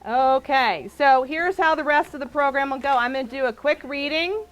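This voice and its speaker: A woman author addressing a book signing audience and reading her novel aloud with a lively, expressive delivery. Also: sits high, normal speed, dull audio.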